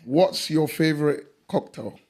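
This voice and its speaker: A man's voice: a little high, a little slow, a little mellow. A man co-hosting a podcast, laid-back as he asks the guest questions. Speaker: podcast co-host. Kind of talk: casual podcast chat.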